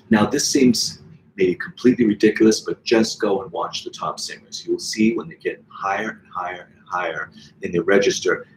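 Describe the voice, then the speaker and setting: A man's voice: deep voice, a little hiss or hum, low-quality recording. A middle-aged man from the Boston area with a Boston accent, giving an online voice lesson and breaking into sung examples as he explains. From Boston area, United States. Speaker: voice teacher.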